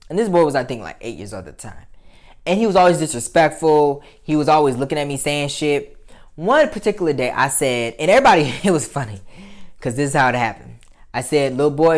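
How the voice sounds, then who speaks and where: A man telling a casual story to his viewers, animated and profane, swinging between loud outbursts and muttered asides. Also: medium pitch. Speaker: vlogger.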